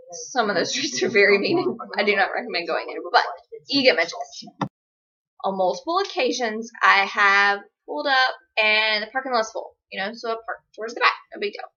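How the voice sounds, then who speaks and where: A woman's voice: a little high, lively intonation, normal speed, bright, forceful tone. A young woman, chatting sarcastically as she tells stories to the camera. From Georgia, USA. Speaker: vlogger. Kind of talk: casual chat. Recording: dull lo-fi recording.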